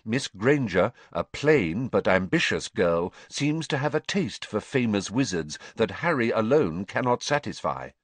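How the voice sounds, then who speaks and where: A man narrating a story in an expressive, measured way. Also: lowish voice, dry recording. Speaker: audiobook narrator.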